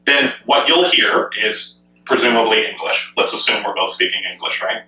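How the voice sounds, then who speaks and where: A man's voice: lowish voice, moderate pace, bright, forceful tone. A man giving an enthusiastic solo commentary on gaming, asking many rhetorical questions as he goes. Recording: echoey room, mic at a distance.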